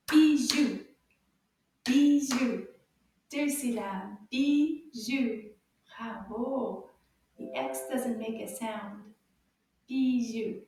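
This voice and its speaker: A woman teaching French to young children, saying words slowly and clearly and giving cheerful praise. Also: a little high, noisy background. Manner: slow, exaggerated repeating of words for children. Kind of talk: kids' language lesson. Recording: echoey room, voice far from the mic.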